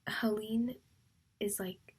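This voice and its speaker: Husky young woman whispering and rambling. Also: medium pitch, fairly even intonation, takes it slowly, darkish tone. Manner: rambling, emotional, often whispering; filler-heavy, repeats "like". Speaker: book vlogger. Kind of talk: casual reading vlog chat.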